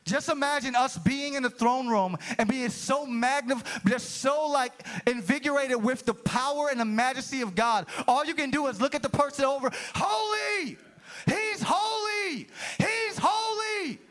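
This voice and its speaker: Pastor guy preaching, pretty high voice, gets loud and worked up sometimes. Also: moderate pace, hardly any pauses. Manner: animated, swings into shouting bursts. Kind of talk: sermon.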